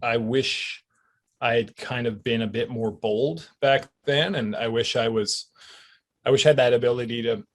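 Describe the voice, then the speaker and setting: A middle-aged Canadian man, an actor, chatting in an interview in a relaxed, reflective way with chuckles and fillers. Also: mid-range voice, moderate pace. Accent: Canadian English. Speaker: actor guest. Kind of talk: casual interview chat.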